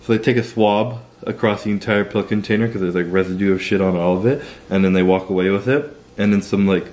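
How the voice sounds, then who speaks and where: A man's voice: fairly low pitch, fairly even intonation, fast, a little mellow. A young man from Canada, telling a personal story to camera in a loose, profane way full of "like". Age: young adult. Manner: loose and profane, heavy use of "like". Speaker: vlogger. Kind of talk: casual storytelling.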